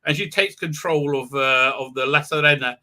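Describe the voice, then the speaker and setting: A man rambles through a live stream recap, full of "uh"s and mocking impressions. His voice sits high and rings very bright. He bursts into sound effects and mock voices. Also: normal speed. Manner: animated, mocking, acts out scenes with silly voices and sound effects; many hesitation fillers.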